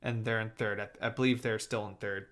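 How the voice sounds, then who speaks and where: Young guy cohosting a sports podcast, bright voice, rambles in quick bursts. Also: fairly low pitch, fairly even intonation. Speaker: podcast co-host. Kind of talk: casual sports chat.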